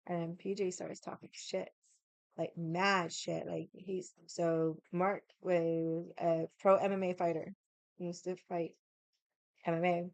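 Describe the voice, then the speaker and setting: A woman vlogger telling a story in a casual, animated way, swearing a lot and using lots of "like" fillers. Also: on the low side, slow, gravelly, no room sound. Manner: animated, heated retelling.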